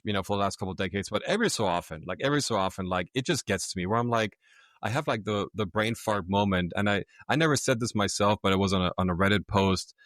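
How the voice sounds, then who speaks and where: Low-voiced man telling stories. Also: no echo, studio quality. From Germany. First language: German. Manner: animated storyteller, acts out quoted voices. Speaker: podcast guest, author. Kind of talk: casual storytelling chat.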